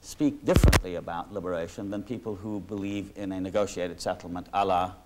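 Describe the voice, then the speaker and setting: A man's voice: low-pitched, brisk, very noisy. A man speaking as the interviewee in a reflective conversation, talking in long discursive sentences with frequent restarts and asides. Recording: 1986 archival talk recording.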